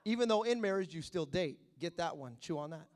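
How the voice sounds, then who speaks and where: A middle-aged man preaching a sermon, acting out quotes and breaking into sudden shouts. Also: a little high, expressive, a little fast. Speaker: pastor.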